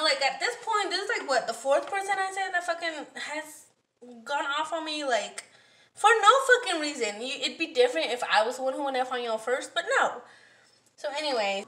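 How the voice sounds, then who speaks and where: A woman with a high, bright voice rants through a storytime, swearing constantly and sounding worn out and annoyed. She is a little way off the mic in an echoey kitchen. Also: distant mic, a little hiss or hum. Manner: heavy profanity, animated, exasperated. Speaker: vlogger. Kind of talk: casual storytime rant. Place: home kitchen, cooking.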